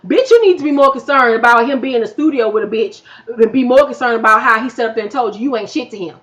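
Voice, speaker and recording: A woman recapping a reality TV episode in a blunt, profane, animated way, her voice getting worn from talking all afternoon. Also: on the high side, fast talker. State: losing her voice. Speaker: YouTube reviewer. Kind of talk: casual TV recap.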